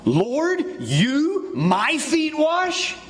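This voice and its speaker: A man voicing an impulsive, protesting male disciple in a high, insistent voice. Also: wildly swooping pitch, extremely slow, slight background noise, heavily acted.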